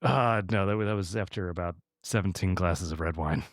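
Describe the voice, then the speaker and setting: A man with a fairly low voice co-hosts a casual podcast and tells stories in a rambling way, full of restarts and little laughs. The sound is dry and close, with no room around it. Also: fairly quick, dry recording. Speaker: podcast co-host. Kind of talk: casual chat.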